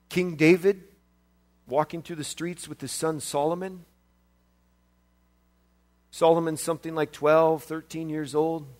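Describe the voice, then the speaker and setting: A man from the United States preaching a sermon in a very high voice. He is animated, dropping to quiet asides and then rising to loud shouts.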